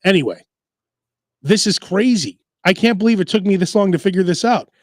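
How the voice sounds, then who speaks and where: A man's voice: high voice, lively intonation, fairly quick, no room sound, studio quality. A man hosting a casual food podcast, telling rambling stories and mimicking voices. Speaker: podcast host. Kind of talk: casual chat.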